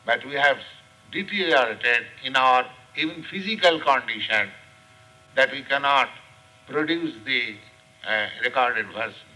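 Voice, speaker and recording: Slow, bright-voiced older Indian teacher. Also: male voice, medium pitch, low-quality recording. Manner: slow, deliberate lecturing with frequent pauses and fillers. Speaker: spiritual teacher. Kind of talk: scripture class lecture. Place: class room.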